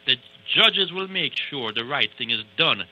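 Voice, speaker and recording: This man speaks as an attorney on a call-in show, laying out his points with emphatic repetition. His voice is piercingly bright and edgy, sitting at a middle pitch for a man. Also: expressive, moderate pace, lo-fi sound. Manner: emphatic, lecturing, repeats for stress. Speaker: immigration attorney guest. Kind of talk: call-in radio advice.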